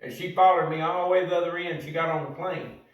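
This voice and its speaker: A man's voice: on the high side, steady tone, quick pace. An older man, telling a story in a salty, profane, folksy way. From United States. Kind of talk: casual storytelling. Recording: roomy echo from a distant mic.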